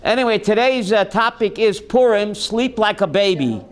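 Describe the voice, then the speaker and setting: A man's voice: high voice, lively intonation, moderate pace. A man teaching a Torah class as a rabbi, mixing jokes with questions to his students. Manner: joking, calls on students by name, asks the class questions.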